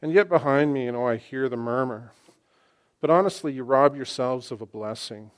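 A pastor in his sixties preaching a sermon, swinging between loud exclamations and hushed asides and repeating phrases for emphasis. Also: mid-range voice, moderate pace.

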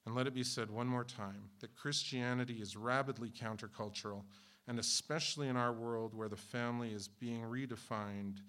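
Bright-voiced sarcastic fifty-something pastor. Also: male voice, mid-range voice, steady tone, moderate pace. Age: 50s. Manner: flippant, sarcastic, off the cuff. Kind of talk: sermon. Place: church.

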